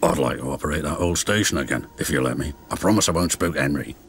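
A man voicing a cross old male fogman in a storybook reading, low, gruff and quick. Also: heavy background noise. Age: older. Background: music.

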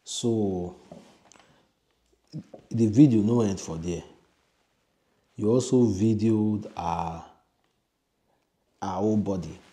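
A man's voice: fairly low pitch, takes it slowly, long pauses, dark tone. A man with a Nigerian accent giving emphatic, opinionated commentary, repeating his refusals.

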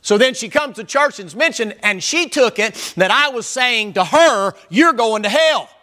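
High, bright-voiced preacher man. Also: lively intonation, normal speed. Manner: loud, emphatic, hollering at times. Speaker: pastor. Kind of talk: sermon.

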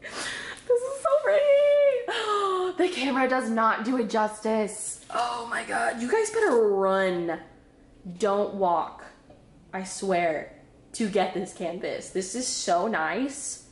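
A woman chatting casually and excitedly while unboxing crafts, a little out of breath, bubbly and giggly. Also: on the high side, roomy sound. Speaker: craft vlogger.

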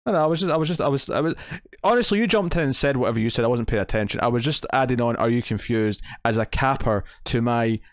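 A Scottish man co-hosts a casual TV review podcast, speaking bluntly with a sarcastic edge and lots of quick restarts. His voice sits at an ordinary middle pitch. The sound is dry and close, with no room around it. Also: dry recording. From Scotland. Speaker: podcast co-host. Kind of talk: casual chat reviewing TV episodes.

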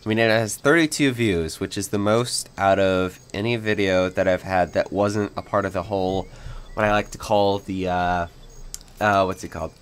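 Casting: young male gaming host, lowish voice, rambling and giggly, loose casual chat. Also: fairly even intonation, normal speed, clear, resonant tone. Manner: rambling, filler-heavy, giggly. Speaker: gaming YouTuber. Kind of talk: casual let's-play chat.

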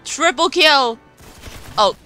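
A woman giving casual, excitable commentary on her own gameplay, mocking herself and laughing often. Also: high-pitched, slow. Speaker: gaming video creator. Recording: faint game music behind.

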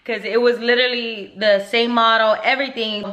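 A woman in her twenties chatting excitedly and nervously in a casual vlog. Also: a little high, a little fast. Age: 20s. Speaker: vlogger.

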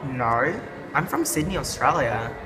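A woman's voice: rumbling low, lively intonation, unhurried, very echoey, in a large hall, distant mic, noisy background. A woman acting in an amateur drama, talking bluntly and confrontationally.

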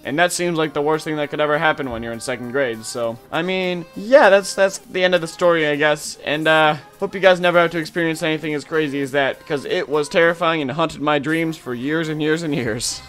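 A young man with a somewhat high voice rambles through a storytime vlog, leaning on "like" constantly. He gets animated as the story builds. Soft music plays faintly behind him. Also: brisk, few pauses. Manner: rambling, lots of "like" fillers; animated retelling. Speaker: YouTube gaming channel host.

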